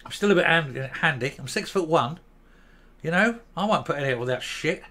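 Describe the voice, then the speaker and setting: A man in his fifties hosting his own channel, ranting bluntly and profanely to camera and stopping now and then to calm himself down. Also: fairly high pitch, a little fast. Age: 50s. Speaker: commentary channel host. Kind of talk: angry opinion rant to camera.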